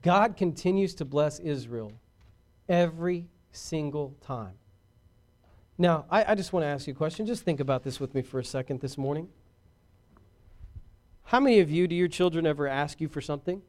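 Brief: male pastor, sermon, high-pitched, calls for amens, booms then drops to a hush. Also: animated, moderate pace, pauses often. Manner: swings between loud exhortation and hushed earnest talk.

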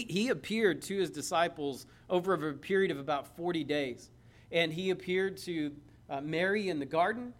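A man preaching a Sunday morning sermon, calling his listeners friends and acting out Bible scenes in quoted dialogue. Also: on the high side. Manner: preaching with rising fervor, addresses listeners as friends. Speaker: pastor.

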